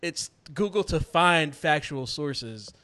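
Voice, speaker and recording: A man co-hosting a podcast in casual chat, laid-back and swearing, dropping lower when he is dismissive. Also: animated, slow pace, pushed and bright. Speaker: podcast co-host.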